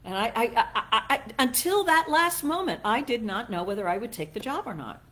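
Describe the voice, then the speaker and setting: A woman's voice: on the high side, very animated, brisk, fairly bright tone. A middle-aged woman minister giving a conversational sermon, chatty and self-mocking, laughing at herself as she tells personal stories and acts out what others said.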